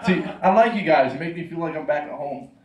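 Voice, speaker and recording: A man from New doing a stand-up comedy set, rambling and self-mocking with quick asides to the crowd. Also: a little high. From New York. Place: comedy club stage. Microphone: handheld stage mic heard from the room camera. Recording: roomy club sound from a distant camera. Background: audience laughter.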